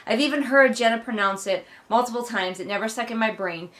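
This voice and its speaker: A woman's voice: on the high side, brisk, a bit bright. A woman hosting a casual book read-along, recapping chapters in a sarcastic, wry way and swearing casually.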